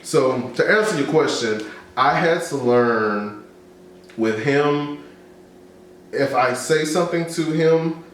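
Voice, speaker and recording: A man at middle pitch speaks candidly on a talk show and acts out both sides of conversations as he tells his stories. His voice rings in a very echoey room, with a faint hiss underneath. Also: takes it slowly, long pauses, fairly bright tone. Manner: candid, storytelling, acts out dialogue. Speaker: co-host. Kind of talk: casual discussion.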